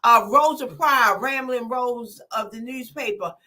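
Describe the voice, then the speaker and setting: An older woman speaks in a fairly high voice. She rattles off lively, heartfelt thank-yous in loose, playful talk-show banter. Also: a little slow. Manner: lively, emotional thank-yous with Black American vernacular. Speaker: comedian and community organizer, guest. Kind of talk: casual talk-show chat.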